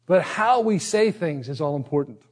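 A middle-aged Northern Irish pastor, his accent partly Americanized, gives a conversational sermon where he pokes fun at himself and keeps starting over. His voice is on the high side and a bit mellow, lively in delivery and at a normal pace.

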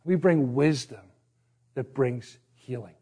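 With a dark, slightly rough, medium-pitched voice, the pastor takes his time. A middle-aged Northern Irishman whose accent leans partly American, he preaches conversationally, makes fun of himself, and restarts often.

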